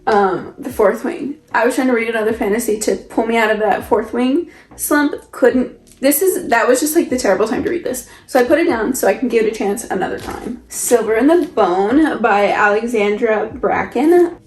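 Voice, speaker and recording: A woman's voice: a little high, normal speed, few pauses. A young woman chatting casually as she shows off the books on her shelf, rambling and asking herself questions. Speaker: book vlogger. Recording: echoey room with soft music. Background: soft background music.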